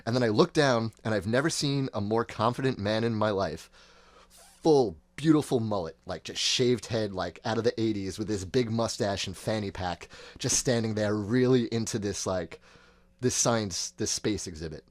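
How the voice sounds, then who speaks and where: This thirties-aged podcast host has a lowish voice and talks at a normal speed, with no room sound in the recording. His long personal story unfolds in a loose, rambling way, and he keeps slipping into the voices of the people in it.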